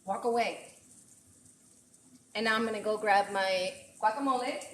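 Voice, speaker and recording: A woman's voice: mid-range voice, measured pace, fairly bright tone, echoey room, a little hiss or hum. A woman chef cooking at home on a casual livestream, chatting to viewers in a gushing way and dropping in Spanish phrases. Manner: gushing, exclaims often, mixes in Spanish phrases. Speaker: chef streaming a cooking session. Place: home kitchen.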